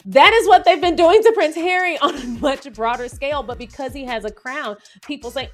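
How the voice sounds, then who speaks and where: A woman hosting a casual commentary monologue, animated and sarcastic as she acts out scenarios. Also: high-pitched, brisk, few pauses, soft background music. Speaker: commentary channel host.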